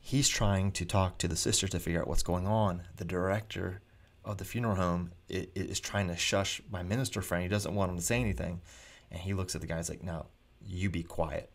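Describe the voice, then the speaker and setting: A man, a preacher hosting his own vlog, telling anecdotes in a chatty, animated way with frequent restarts. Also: low-pitched, brisk, hardly any pauses. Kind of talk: casual anecdotal storytelling.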